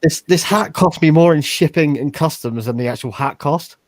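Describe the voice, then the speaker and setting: A man's voice: fairly high pitch, moderate pace, dry recording. A man co-hosting a casual live stream, chatty and showing off his things, calling people "mate". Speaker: podcast co-host.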